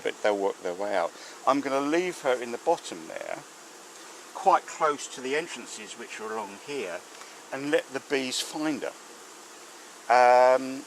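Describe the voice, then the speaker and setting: A medium-pitched male beekeeper offers casual, rambling commentary, heavy on fillers, as he stands beside an outdoor beehive. Captured on a handheld or mounted camera, the low-quality audio has slight background noise and clearly audible buzzing bees.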